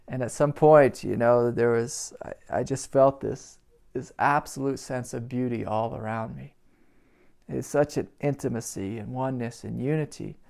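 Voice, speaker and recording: A middle-aged man, a spiritual teacher, telling a personal story in a reflective, halting way, with soft laughs between phrases. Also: medium pitch, gravelly.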